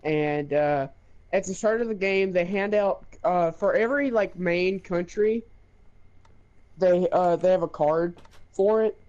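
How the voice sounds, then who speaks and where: Young man, high voice, animated storytelling, swearing, muffled lo-fi sound. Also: measured pace. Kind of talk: casual chat.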